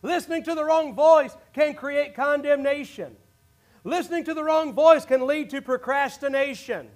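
A man with a very high voice delivers a sermon as the pastor, preaching with passion. He swings from near-shouted declarations to hushed, low asides. It sounds like a church service in front of a congregation. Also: moderate pace. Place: church sanctuary.

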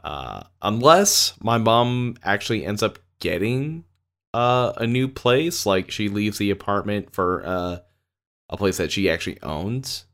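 Low-voiced man, lively rambling chat. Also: unhurried. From Canada. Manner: laid-back, rambling with many fillers. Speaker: podcast co-host. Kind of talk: casual chat.

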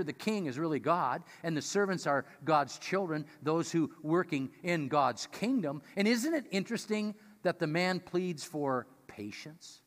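A man preaching a sermon, reading scripture and stressing key points with rising, animated emphasis. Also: fairly high pitch. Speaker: pastor. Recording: long hall reverb.

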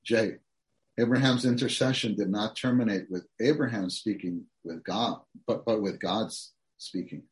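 A man's voice: lowish voice, a little mellow. A man preaching a sermon, reading outline points aloud and then expounding earnestly to the congregation.

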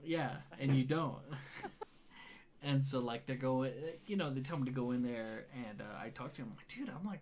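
A man's voice: medium pitch, normal speed, slight background noise. Profane man retelling a wild night. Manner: profane, animated retelling with quoted dialogue. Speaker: storyteller. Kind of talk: casual storytelling chat.

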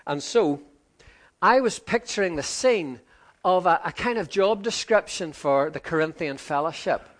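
Man preaching a lively sermon. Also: a little slow. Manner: conversational, acts out quoted voices with lively pitch swings.

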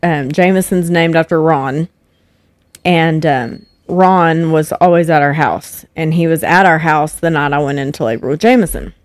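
A woman's voice: deep voice, normal speed, no room sound, clean studio sound. Chatty young woman. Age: young adult. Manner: animated, acts out quoted voices. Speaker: podcast guest, host's wife. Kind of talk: casual storytelling chat.

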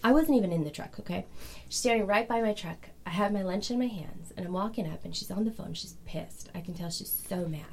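A woman guest on a podcast, telling stories in a casual, animated way, laughing often and acting out what people said. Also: mid-range voice, a little fast, creaky, slightly rough. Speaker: podcast guest, vintage furniture dealer. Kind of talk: casual storytelling chat.

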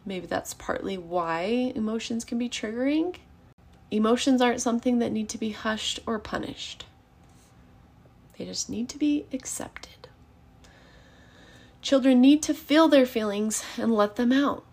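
Parenting coach, woman, 30s, encouraging and earnest, a touch of vocal fry. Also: a little high, normal speed. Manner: earnest and encouraging, acts out calm parent phrases. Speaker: parenting educator. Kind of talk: casual teaching monologue.

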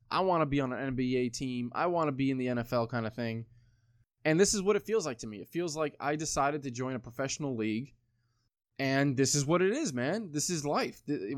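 A man's voice: a little high, no echo, studio quality. Rambling young man who swears a lot. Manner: rambling, heavy swearing, lots of "like". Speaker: podcast co-host. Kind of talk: casual chat.

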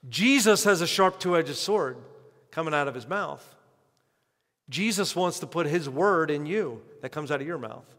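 A man's voice: a little high, animated, a little slow. Man preaching in a reverberant hall. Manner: impassioned preaching with sharp swings in loudness and pace. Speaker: pastor. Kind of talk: sermon.

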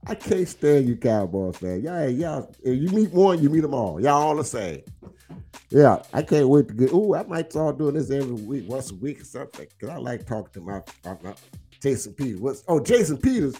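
A man's voice: medium pitch, moderate pace, breathy edge, faint music behind. A man hosting a casual livestream, teasing and drawling as he talks football smack with viewers. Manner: animated, teasing, drawling, repeats himself. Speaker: livestream host.

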